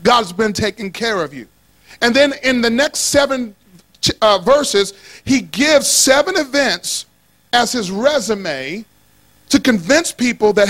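A man with a strikingly high voice preaches to a church congregation. His delivery is animated and playful, drawing the room into call-and-response and rising to shouts on key lines. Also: measured pace. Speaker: pastor. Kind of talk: sermon.

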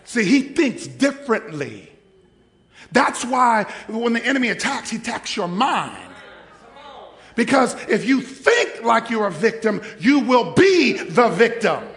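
Male pastor, lively pitch, slow deliberate delivery, sermon, long church reverb. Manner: dramatic preacher, shifts from hushed to shouting.

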